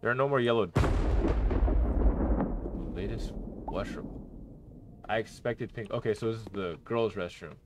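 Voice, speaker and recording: A man giving playthrough commentary on a horror game, reacting with excited yelps and shouts. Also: on the low side, fast talker, hardly any pauses. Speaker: gaming YouTuber.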